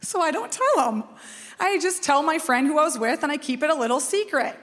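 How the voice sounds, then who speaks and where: A woman in her forties from Minnesota, a pastor telling a personal story in a lively, chatty, self-mocking sermon. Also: high voice, brisk. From Minnesota, USA. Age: 40s. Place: church sanctuary. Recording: long reverb of a church hall.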